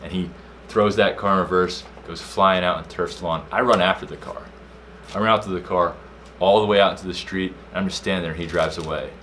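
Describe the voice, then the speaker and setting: A young man co-hosting a casual podcast, telling a story with slang and loud acted-out quotes. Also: sits low, a little fast, slight background noise. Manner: animated storyteller, slangy, acts out quotes loudly. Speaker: podcast co-host.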